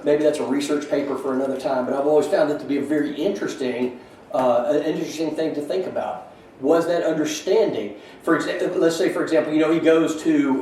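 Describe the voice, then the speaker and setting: A man's voice: fairly high pitch, a little mellow. Man teaching a Bible class in an echoey room. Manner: thinks aloud, asks the class questions. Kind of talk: conversational Bible lesson. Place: church classroom. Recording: very echoey room, mic far off, faint hiss.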